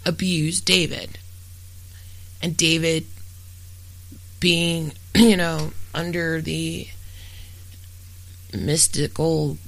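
A true-crime podcast host reads a scripted account in a steady, matter-of-fact way and turns blunt and profane in casual asides. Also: mid-range voice, gravelly, no room sound, poor audio.

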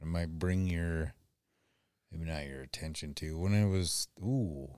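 Deep, slow-talking laid-back man. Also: a little mellow, no echo, clean studio sound. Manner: laid-back, laughs often, swears casually. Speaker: podcast co-host. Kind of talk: casual chat.

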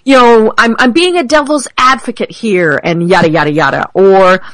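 A woman's voice: medium pitch, normal speed, no echo, rough recording. A woman hosting a podcast interview, agreeable and chatty, affirming her guest often. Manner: lively, agreeable, frequent affirmations. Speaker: podcast host.

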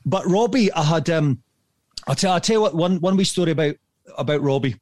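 A man in his fifties tells stories as a podcast guest, chatty and animated, laughing often. His voice sits fairly high. The sound is dry. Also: a little fast, dry recording. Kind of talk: casual storytelling.

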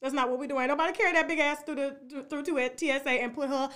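A high-pitched woman with a bright, forceful voice delivers a sassy talk-show monologue. She keeps checking in with her listeners, animated and emphatic as she builds her points. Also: fast talker. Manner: animated, sassy, addresses audience with "okay?" and "you understand?". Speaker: host.

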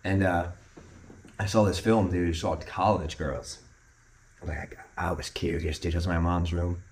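A man's voice: sits low, fairly even intonation, moderate pace, darkish tone, a little hiss or hum. A young man co-hosting a podcast, telling rambling, profane stories and laughing as he goes. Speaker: podcast co-host. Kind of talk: casual chat, storytelling. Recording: roomy sound, a bit far from the mic.

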